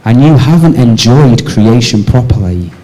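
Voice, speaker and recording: A man preaching a church sermon, asking the congregation rhetorical questions and moving between raised emphatic lines and soft, low passages. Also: lively intonation, unhurried, slight background noise, rough recording. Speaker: pastor.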